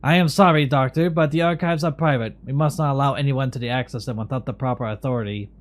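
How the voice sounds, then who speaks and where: A man's voice: mid-range voice, steady tone, quick pace, natural voice. A man reading the lines of a weary, long-serving asylum caretaker in a game.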